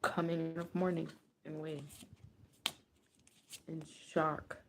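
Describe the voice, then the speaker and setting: Slow, low-voiced woman giving a reading. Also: a little hiss or hum. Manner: loose, profane, swings from hushed to excited. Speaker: psychic reader. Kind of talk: casual spoken card reading.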